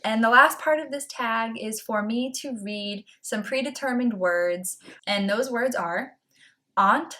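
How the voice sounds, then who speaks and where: A woman's voice: a little high, a little slow, hardly any pauses. A young woman from north of Boston with a light Boston accent, chatting casually to camera as a book vlogger. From Massachusetts, north of Boston. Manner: chatty and playful, lively on word lists. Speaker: BookTube vlogger.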